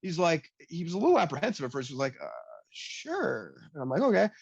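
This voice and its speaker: A man's voice: on the high side, racing, vocal fry, slightly rough. A man with a slightly raised voice tells stories in casual chat and acts out every quoted line. He leans on "like" fillers constantly. The audio is a little dull and lo-fi, with a dry sound and no room echo. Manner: animated storyteller, acts out quoted dialogue; heavy use of "like" fillers. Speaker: guest, blockchain developer.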